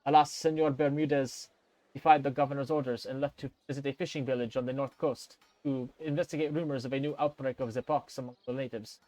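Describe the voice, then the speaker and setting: A man's voice: a little high, fast, hardly any pauses, darkish tone, dry recording, natural voice, low-quality recording. A man reading out a game's anxious, accented male monk in an urgent, formal tone. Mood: earnest.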